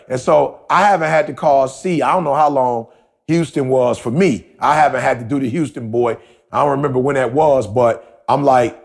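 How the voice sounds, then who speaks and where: A man's voice: medium pitch, moderate pace, gravelly. A man co-hosting a podcast, telling a story in casual talk and repeating himself as he goes. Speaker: podcast co-host.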